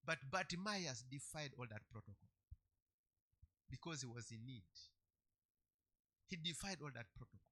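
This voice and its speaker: A man preaching a sermon, emphatic, repeating key phrases and swinging between loud and soft. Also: mid-range voice, expressive, normal speed, pauses often.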